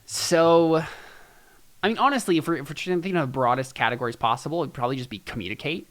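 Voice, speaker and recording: A man's voice: a little high, fast talker. Rambling male game master, full of "um". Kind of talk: narrating a tabletop game.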